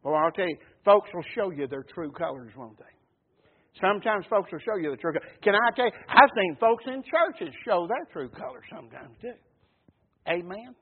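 A man's voice: high voice, very animated, normal speed, husky. A man preaching a sermon in a folksy, emphatic way, often calling out for an amen. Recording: tinny phone-like sound.

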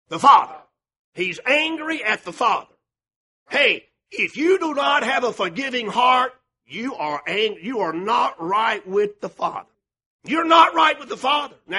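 A man preaching a sermon, folksy and fervent, dropping to a hush and then rising to a shout. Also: high voice, husky. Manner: fervent, swings from hushed to shouting; folksy, calls out to the congregation.

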